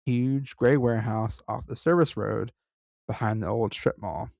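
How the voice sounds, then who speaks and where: A man's voice: mid-range voice, unhurried, creaky, a little mellow, no room sound. A man co-hosting a podcast, reading a story aloud and breaking off for profane, joking asides. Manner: profane, joking asides between read passages. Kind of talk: casual story reading with banter.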